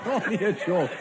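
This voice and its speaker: A man with an Irish accent telling stand-up jokes in a deadpan storytelling manner, playing a policeman. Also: high voice. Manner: deadpan storytelling, rapid one-liners in character as a policeman. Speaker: stand-up comedian. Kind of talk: live stand-up joke-telling. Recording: live show with faint crowd laughter and noise.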